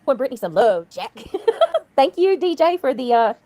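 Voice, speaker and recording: Giggly high-pitched woman livestreamer. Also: sing-song, moderate pace, warm tone, no room sound. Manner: giggly, swears freely, thanks viewers. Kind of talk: casual livestream chat.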